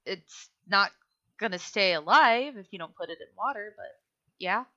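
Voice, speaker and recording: A woman voicing a shy, awkward young crafter who talks in hesitant, halting bursts. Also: medium pitch, animated, pushed and bright. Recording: dull lo-fi audio.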